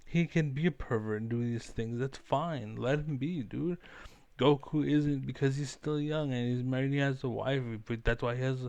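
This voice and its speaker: A man's voice: medium pitch, fairly even intonation, normal speed, vocal fry, darkish tone, no room sound, lo-fi sound. A young man rambling through a profane, repetitive, self-assured rant, sure of his own cleverness. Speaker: streamer.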